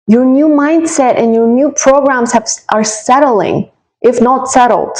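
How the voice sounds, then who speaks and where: A woman's voice: sits high, a little slow, rough recording. A woman giving a casual tarot reading straight to the viewer, encouraging and reassuring, rambling with restarts as she turns each card. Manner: warm, encouraging, talks straight to the listener; rambling with frequent restarts and asides. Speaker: tarot reader.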